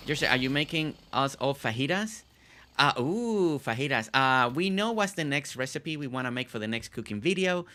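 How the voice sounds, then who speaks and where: A man's voice: medium pitch, sharp tone. A man from Puerto Rico hosting a casual game stream, chatting in a rambling way with lots of fillers. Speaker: streamer host.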